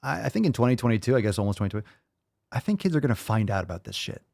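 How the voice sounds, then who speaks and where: A man's voice: medium pitch, sing-song, racing, creaky, a little mellow, dry recording, studio quality. Blunt, profane man mocking clips. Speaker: host reacting to clips. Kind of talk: casual reaction commentary.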